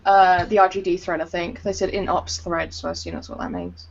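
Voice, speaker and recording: A woman co-hosting an art podcast in casual chat, giggly and animated. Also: on the low side, brisk, muffled recording. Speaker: podcast co-host.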